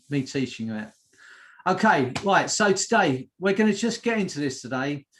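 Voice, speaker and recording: Man leading a slow guided hypnosis. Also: a little high. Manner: slow, soothing, repetitive suggestions. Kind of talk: guided group hypnosis session.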